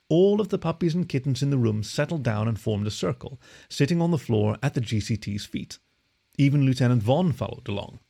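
A man reading a story aloud as narrator, in an expressive, animated way. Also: mid-range voice, brisk, vocal fry. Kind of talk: scripted narration.

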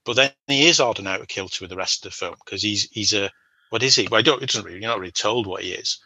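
A man's voice: fairly low pitch, fast talker, sharp tone, husky, no room sound. A man co-hosting a podcast, chatting casually about a film he watched as a kid and laughing often. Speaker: podcast co-host.

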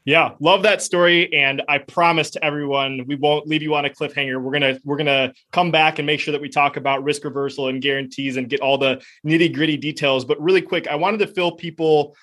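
A man's voice: a little high, fairly even intonation, fairly quick, few pauses, a bit bright. A man hosting a podcast, asking his guest questions in a friendly, conversational way. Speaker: podcast host. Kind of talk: casual chat.

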